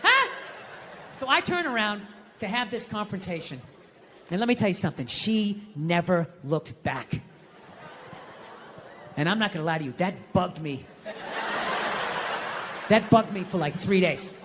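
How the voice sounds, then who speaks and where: A man's voice: high voice, unhurried, pauses often, slight background noise. A man performing stand-up comedy on a large theater stage, telling stories and acting out his own inner voice. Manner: animated storytelling, acts out his own inner voice. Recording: live theater reverb, faint audience.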